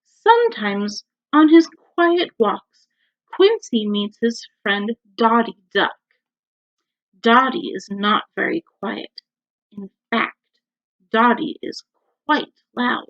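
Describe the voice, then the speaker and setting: A woman teacher reading a picture book aloud to young children at home, stopping to ask them questions. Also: on the high side. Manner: slow, animated, asks the children questions. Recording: dull lo-fi recording.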